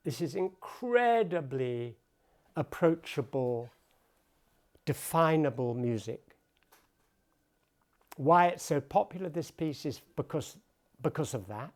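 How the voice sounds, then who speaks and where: A man giving a talk at the piano about poetry and music, explaining with thoughtful pauses. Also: on the high side, animated, darkish tone. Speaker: pianist and lecturer.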